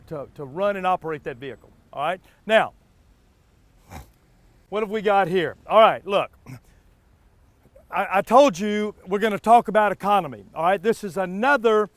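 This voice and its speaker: A man hosting a car sales show from an outdoor dealership lot, pitching deals in a folksy, repetitive way. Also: dry recording. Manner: folksy, repeats words, stumbles.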